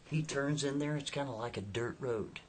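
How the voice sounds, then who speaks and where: A man's voice: medium pitch, moderate pace, slight background noise. A man telling a spooky story in a chatty, casual way, checking in with the listener. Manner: chatty, asks listeners "right?".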